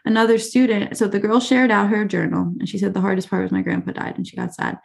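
A woman's voice: mid-range voice, quick pace, creaky. A young adult woman teacher telling stories in a casual interview, chatty and full of fillers like "like" and "you know.". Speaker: teacher, podcast guest.

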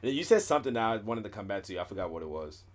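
A man's voice: on the low side, big pitch swings, very fast. A man co-hosting a podcast in casual chat, teasing his friend in a loose, profane way. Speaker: podcast co-host.

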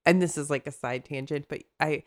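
A woman's voice: low voice, a little fast. A woman therapist co-hosting a casual podcast chat, rambling into tangents and laughing often.

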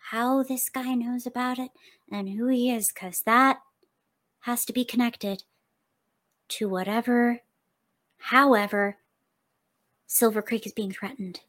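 A woman voicing a wary adventurer who speaks in a hushed murmur. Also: a little high, steady tone, slow pace, long pauses, pitched below the performer's own voice. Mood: secretive.

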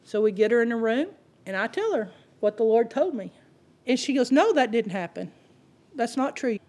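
A woman preaching a sermon, telling stories in an animated way and acting out the people she quotes. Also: fairly high pitch, moderate pace. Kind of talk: sermon with storytelling.

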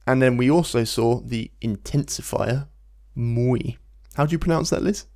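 A man, teaching a Spanish lesson in a relaxed podcast style, explaining patiently and slowing down to model phrases. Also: mid-range voice. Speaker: language teacher.

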